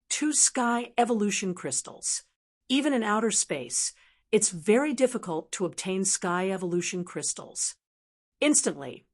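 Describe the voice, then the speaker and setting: A woman narrating a fantasy audiobook in an even, steady reading voice. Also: medium pitch. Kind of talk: scripted narration.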